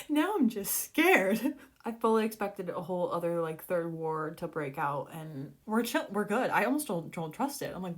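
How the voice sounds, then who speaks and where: A young adult woman reading a fantasy novel aloud and reacting in an excitable, gushing way, breaking into laughter often. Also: medium pitch, unhurried. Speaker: book vlogger.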